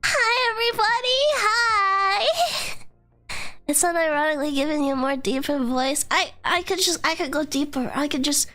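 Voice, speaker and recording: A woman streamer, hoarse from being sick, chatting casually and giggling, squealing greetings to her viewers from her bedroom. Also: high voice, fairly even intonation, fairly quick, fairly bright tone, faint music behind. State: hoarse from illness. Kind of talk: casual live-stream chat.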